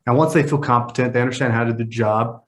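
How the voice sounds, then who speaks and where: A man co-hosting a podcast walks through his points one step at a time, in an even, methodical way. His voice sits at an ordinary middle pitch. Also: fast talker. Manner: explains with step-by-step lists. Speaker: podcast co-host. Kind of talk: casual podcast chat.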